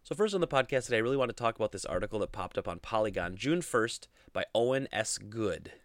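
A man's voice: fairly low pitch, expressive, fast talker, no room sound, clean studio sound. A man hosting a casual solo gaming podcast, rambling with lots of fillers and restarts. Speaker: podcast host.

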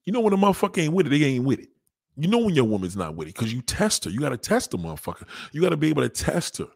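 Brash, husky-voiced male comic, lively swings in pitch. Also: very fast, dry recording, clean studio sound. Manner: brash, crude, acts out voices of the people he describes. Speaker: stand-up comedian. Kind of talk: profane stand-up routine.

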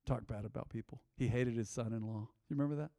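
A man's voice: mid-range voice, fast, vocal fry, dark tone, no room sound, studio quality, long reverb tail. A man in his fifties preaching a sermon in a church, conversational, calling on the congregation to repeat phrases back to him. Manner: call-and-response, conversational, asks congregation to repeat. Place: church sanctuary.

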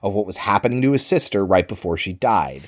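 A man's voice: on the low side, brisk. Man animatedly retelling a film plot. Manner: animated retelling, swears, acts out quoted lines. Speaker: podcast co-host. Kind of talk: casual movie recap chat.

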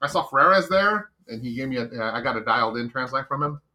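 Bright-voiced blunt man chatting. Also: medium pitch, animated, quick pace. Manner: blunt, profane, rambling opinions. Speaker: podcast host. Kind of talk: casual chat.

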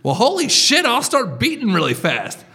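A man's voice: extremely high pitch, huge pitch swings, moderate pace, creaky, sharp tone, slightly rough, pitched above the performer's own voice, full character voice. A man voicing his own heart as a frantic, panicky little character. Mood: alarmed. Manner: alarmed, exclaiming.

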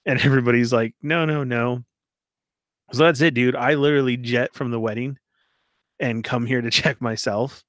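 A man's voice: medium pitch, moderate pace, no echo, studio quality. A man casually telling a long story, laughing often and acting out what people said. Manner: animated, laughs often, acts out quoted voices.

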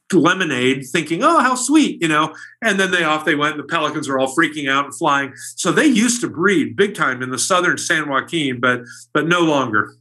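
Bright-voiced, eager male storyteller. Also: a little high. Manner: enthusiastic, rambling storyteller. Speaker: guest, bird illustrator. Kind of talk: casual interview.

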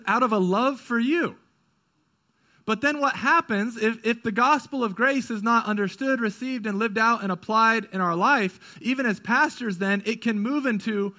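A young male pastor preaches with a high, ringing, bright voice. He speeds up and presses when urgent, then drops soft and slow to drive a point home. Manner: swings from urgent and quick to hushed and slow. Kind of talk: sermon.

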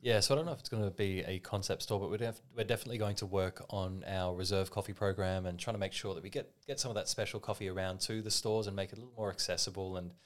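A man, a guest from a coffee company, friendly and brisk in a casual podcast interview. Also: low voice, steady tone.

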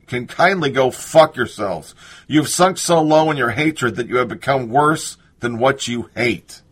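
Husky guy reading headlines out loud, sarcastic and fed up, mid pitch. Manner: sarcastic, indignant, reads quotes aloud with asides. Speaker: political commentator. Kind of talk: reading and reacting to news.

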